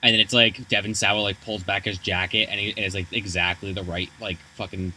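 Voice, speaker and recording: A man's voice: lowish voice, steady tone, fairly quick, bright, forceful tone, a little hiss or hum, rough recording. A man co-hosting a podcast, recapping a movie in loose, profane casual chat full of fillers. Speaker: podcast co-host.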